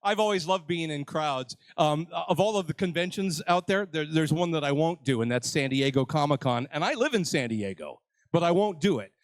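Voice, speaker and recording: A man's voice: on the high side, lively intonation, normal speed, no echo. An older man hosting a live convention panel, joking with the crowd and mocking himself. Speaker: panel host. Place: convention stage.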